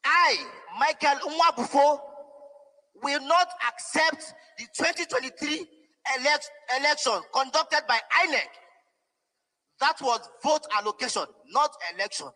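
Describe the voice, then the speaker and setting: A man's voice: very high voice, a little slow, sharp tone, in a large hall, low-quality recording. A young man, giving an emotional, pleading and defiant public statement at a press conference. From Nigeria.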